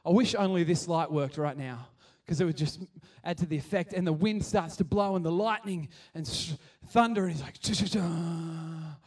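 A man giving a chatty, animated sermon and acting out the scenes he tells. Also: on the high side, a little fast, few pauses, recorded from a distance. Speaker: preacher. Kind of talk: casual sermon.

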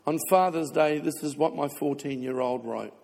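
A man's voice: on the high side, moderate pace, gravelly, a little mellow, big-room sound. An older man preaching a sermon as a pastor, telling a heartfelt personal story in an emotional way, fighting back tears.

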